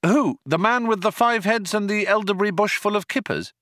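A man voicing a brisk, knowing man who explains things in an emphatic, hurried way. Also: sits high, a bit bright, no room sound, clean studio sound, pitched above the performer's own voice. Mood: wry.

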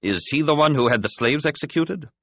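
A man voicing a calm, steady Jedi master who speaks in a measured, commanding way, in an audiobook. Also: fairly high pitch, no echo, lo-fi sound, voice pushed up. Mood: calm, firm.

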